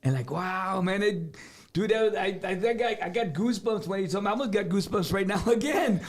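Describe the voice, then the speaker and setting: High-voiced dude telling a story, animated, laughs a lot. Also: male voice, brisk. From South Texas. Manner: animated, laughing, repeats words. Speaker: guest musician. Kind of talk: casual storytelling.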